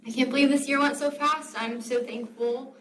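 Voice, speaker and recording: A woman's voice: sits high, steady tone, moderate pace, fairly bright tone. Earnest young woman saying goodbye. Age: young adult. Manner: earnest, grateful. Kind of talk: farewell remarks. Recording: distant noisy recording.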